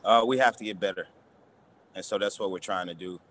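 Halting low-voiced basketball coach. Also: male voice, a bit bright. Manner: halting, repeats words, many fillers. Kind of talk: press conference answers.

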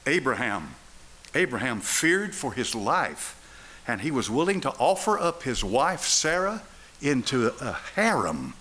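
A man's voice: mid-range voice, big pitch swings, a little slow, bright, forceful tone. An older man preaching a sermon in church, firing rhetorical questions at the congregation. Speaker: pastor. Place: church sanctuary.

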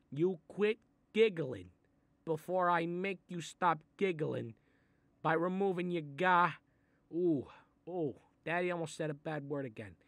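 A man voicing a short-tempered Italian-American mob boss who grumbles, swears and threatens, in a comedic animated role. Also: fairly high pitch, no room sound. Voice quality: gravelly, threatening. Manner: grumbling asides, sudden angry outbursts, swearing. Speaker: mob boss reading a children's book.

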